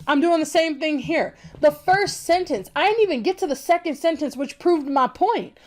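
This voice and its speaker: Woman, high-pitched voice, heated profane rant, scornful and blunt, casual vlog talk. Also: animated, normal speed. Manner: mocking, repeats phrases with scorn. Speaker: vlogger. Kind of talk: casual opinion rant to camera.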